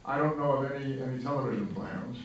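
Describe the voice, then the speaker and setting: Older man telling stories in an echoey hall. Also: mid-range voice. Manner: animated, self-mocking, quick to laugh. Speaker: guest speaker at a screening Q&A. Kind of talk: storytelling anecdotes to an audience. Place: large hall before a live audience. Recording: echoey hall, distant, dull, noisy.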